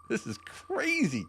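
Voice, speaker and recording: A man's voice: very high-pitched, gravelly, fairly bright tone, slight background noise. A man hosting a live podcast giveaway, upbeat and laughing often as he calls out winners' names. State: out of breath. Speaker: podcast host. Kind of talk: livestream giveaway chat.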